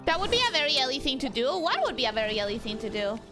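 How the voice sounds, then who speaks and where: Very animated and very fast, this high-pitched young woman chats with viewers while streaming a game from home. She's bubbly and talkative on a desk mic, game music playing behind her.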